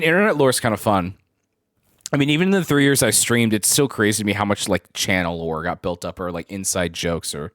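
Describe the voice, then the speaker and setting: A man's voice: on the low side, fairly bright tone, no echo, studio quality. A man in his twenties streaming live, chatting casually with viewers and telling rambling stories with frequent laughs. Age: 20s. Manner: rambling anecdotal storytelling, laughs often.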